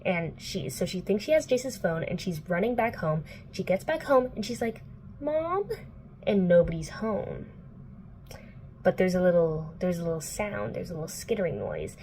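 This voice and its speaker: A woman's voice: fairly low pitch, animated, normal speed, a little mellow, slight background noise. A young woman book vlogger casually recapping a plot indoors, chatty and playful, full of "like" and swearing. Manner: chatty, filler-heavy, profane, playful.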